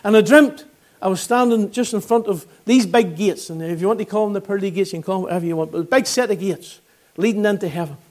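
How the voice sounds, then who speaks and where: Northern Irish male preacher, 60s, high-pitched, earnest and fervent gospel storyteller. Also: fast talker, few pauses, darkish tone. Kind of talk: gospel sermon testimony.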